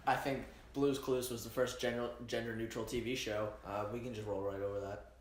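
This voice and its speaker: A man's voice: medium pitch, level tone, fairly quick. A man co-hosting a casual podcast, tossing in dry puns and jokes. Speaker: podcast co-host. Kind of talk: casual chat. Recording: roomy echo.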